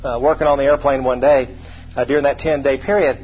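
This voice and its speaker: A man's voice: mid-range voice, steady tone, fast talker, highs cut off, a little hiss or hum. A man preaching a sermon in a folksy, conversational storytelling way, poking fun at himself and asking the congregation questions. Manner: folksy, self-deprecating, asks the congregation rhetorical questions.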